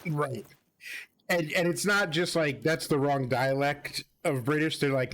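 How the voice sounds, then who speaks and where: A man's voice: fairly high pitch, measured pace. Laid-back man muttering through a game stream. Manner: relaxed, muttering to himself as he plays. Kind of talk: casual chat while playing.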